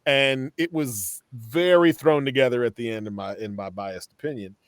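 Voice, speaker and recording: A man's voice: medium pitch, normal speed, no echo, clean studio sound. A man co-hosting a casual podcast, opinionated and slangy, stumbling through restarts as he gives his take. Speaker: podcast co-host.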